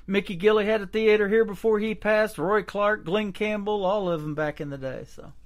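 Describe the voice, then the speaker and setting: A man's voice: high voice, moderate pace. A man hosting a country radio show, chatting upbeat and easygoing with his guest. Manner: upbeat and chatty, with filler words. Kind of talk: casual radio interview chat.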